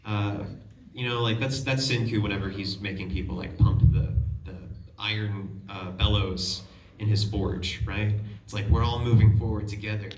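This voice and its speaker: A man with a fairly low voice tells a lively, self-deprecating story on a convention panel and laughs along with it. He is heard from some way off the mic in a large echoing hall, with clear crowd noise behind him. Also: unhurried, hardly any pauses. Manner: animated, self-deprecating, laughs while telling stories. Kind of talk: casual storytelling to an audience. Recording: echoey hall, far from the mic, audience noise.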